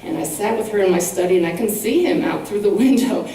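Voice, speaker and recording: A woman's voice: medium pitch, expressive, quick pace, mellow, far from the mic, a little hiss or hum. Middle-aged woman storytelling in an echoey hall. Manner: earnest, storytelling. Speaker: guest speaker and medium. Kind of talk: storytelling talk to a congregation. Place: large hall at a spiritual centre.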